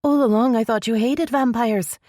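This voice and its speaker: Woman playing a young elf princess, insistent, pleading, higher than the narration, dry close audiobook. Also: moderate pace, dark tone, no echo, natural voice.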